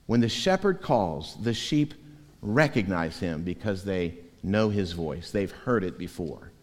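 A pastor preaching a sermon, animated and shifting between soft and loud delivery. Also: male voice, low-pitched, a little slow. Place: church sanctuary. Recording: reverberant church hall.

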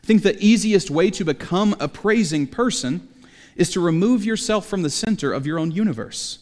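Preacher in a reverberant church hall. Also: male voice, sits high, animated, normal speed. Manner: conversational, jokey asides. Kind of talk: sermon. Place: church sanctuary.

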